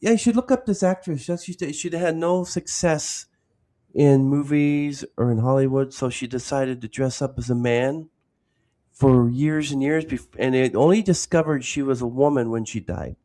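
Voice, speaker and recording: A man hosting a podcast, asking relaxed questions and telling easygoing anecdotes. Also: mid-range voice, moderate pace. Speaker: podcast host. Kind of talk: casual interview chat.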